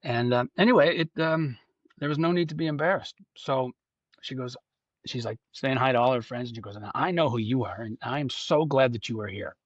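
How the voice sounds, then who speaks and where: A man's voice: mid-range voice, a little fast, dry recording, highs cut off. Canadian man telling a story. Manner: animated anecdote-telling, acting out quoted voices. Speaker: musician guest. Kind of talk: casual storytelling.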